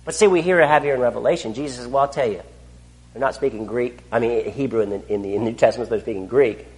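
A man preaching a sermon, asking his listeners rhetorical questions and swinging between loud declarations and hushed asides. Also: medium pitch, fast talker, long reverb tail. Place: church.

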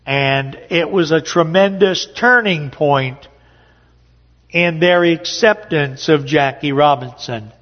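Man, high voice, slow delivery, sermon talk, lo-fi recording. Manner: unhurried storytelling with frequent "uh" pauses. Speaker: speaker at a morning church gathering. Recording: dull lo-fi audio with long hall reverb.

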